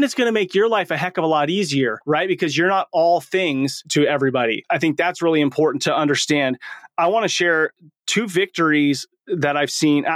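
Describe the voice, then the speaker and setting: A man's voice: a little high, dry recording, clean studio sound. A man in his forties hosting a podcast, talking in a casual, slangy and enthusiastic way. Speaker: podcast host.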